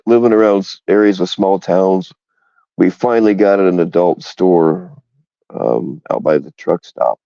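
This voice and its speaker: A man's voice: sits low, creaky, warm tone, dry recording, muffled recording. A man co-hosting a crude casual chat, rambling and frank, and he laughs often.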